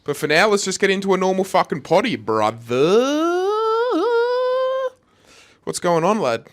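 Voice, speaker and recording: Aussie bloke co-hosting a podcast, swears a lot, loose chatty banter. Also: male voice, sits high, unhurried. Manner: swears freely, lively and matey. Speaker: podcast co-host. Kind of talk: casual chat.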